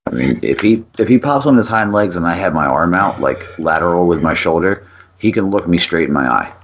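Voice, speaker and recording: A man with a deep voice spins a lively story on a podcast, cursing freely as he goes. The audio is muffled and lo-fi. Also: a little fast. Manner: animated storyteller, swears, acts out voices in quotes. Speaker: podcast co-host. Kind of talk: casual storytelling chat.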